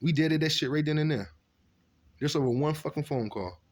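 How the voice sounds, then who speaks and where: A man casually telling stories from his past, animated and profane, acting out what people said. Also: a little high, a little fast. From Virginia. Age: adult. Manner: animated, profane street storytelling with acted-out quotes. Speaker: storyteller recounting his past. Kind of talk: casual storytelling monologue.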